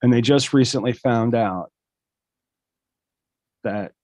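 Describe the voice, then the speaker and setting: A man co-hosting a casual podcast chat, rambling and excitable, full of restarts. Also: mid-range voice, slow, no room sound. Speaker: podcast co-host.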